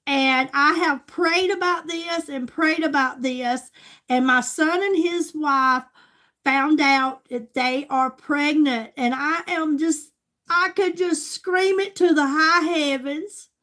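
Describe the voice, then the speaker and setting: A woman's voice: high voice, slow, fairly bright tone. An older woman, a grandmother chatting casually with her livestream viewers in a gushing way. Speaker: livestream host.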